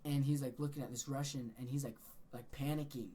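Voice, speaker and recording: A young man co-hosting a podcast, telling a story in a casual, animated way and swearing freely. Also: medium pitch, fast talker, slight background noise. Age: young adult. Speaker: podcast co-host.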